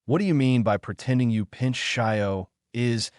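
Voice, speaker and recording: A man voicing a young male ninja hero who talks calmly and deadpan, read as a fan story. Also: mid-range voice, unhurried, dry recording, studio quality, close to an everyday voice. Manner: calm, deadpan.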